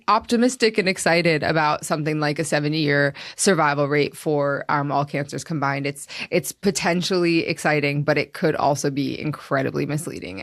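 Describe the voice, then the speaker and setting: A woman's voice: low-pitched, dry recording, studio quality. A young woman with a New Jersey accent, co-hosting a casual conversation, chatty with many fillers. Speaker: associate editor, co-host.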